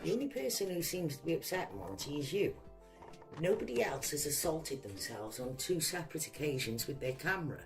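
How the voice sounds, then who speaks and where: A woman's voice: low voice, very animated, fairly quick, soft background music. A woman from Wales with a Welsh accent, ranting combatively and swearing freely in a vlog. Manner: combative, profane, mocking. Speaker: vlogger. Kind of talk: angry vlog rant.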